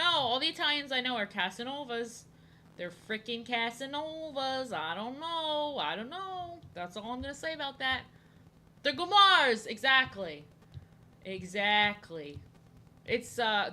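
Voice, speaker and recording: Bright-voiced woman chatting while drawing. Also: mid-range voice, slight background noise. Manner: rambling, jokey, repeats herself. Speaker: streamer. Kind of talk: casual chat while drawing. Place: home, indoors.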